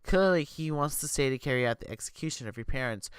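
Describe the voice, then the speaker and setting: A man streaming live, reading an interactive story aloud in an animated way and tripping over words. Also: medium pitch, fast talker, clean tone, no echo.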